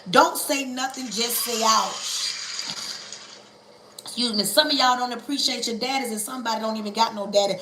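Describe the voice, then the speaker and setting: A woman preaching a livestream sermon, calling on listeners to say ouch, with a church cadence that stretches words and builds to shouting. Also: a little high, echoey room, a little hiss or hum, poor audio.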